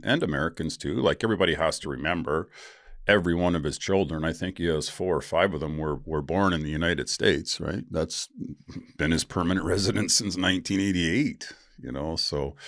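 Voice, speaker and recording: Middle-aged male podcast host, very low voice, dry close sound, blunt and profane, rambles with lots of ums. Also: dry recording. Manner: candid, profane, rambling with many fillers. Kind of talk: casual solo podcast talk.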